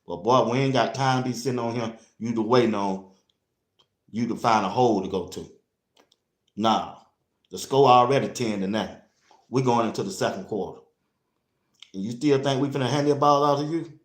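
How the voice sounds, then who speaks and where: A man hosting a casual sports talk show, blunt and animated, speaking straight to his listeners. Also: mid-range voice, normal speed, long pauses. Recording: roomy echo.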